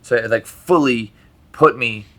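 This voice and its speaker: A man, a podcast guest, telling a personal story in casual chat, animated, swearing and laughing often. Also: medium pitch, unhurried.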